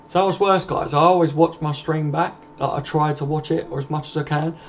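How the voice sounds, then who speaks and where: Speaking on the high side with fairly even intonation and a slightly fast pace, a young man hosts a late-night stream from home. He casually reads and answers comments from viewers, swearing as he likes, and the lo-fi stream audio comes through dull with a faint noise.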